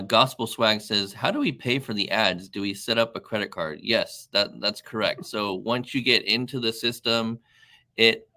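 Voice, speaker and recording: A man's voice: on the low side, bright, forceful tone. A man co-presenting a live webinar, answering viewers' questions eagerly with many fillers.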